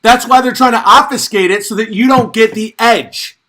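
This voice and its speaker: A man's voice: very high-pitched, normal speed, pushed and bright. A man giving intense, worked-up commentary in a preachy, ranting way.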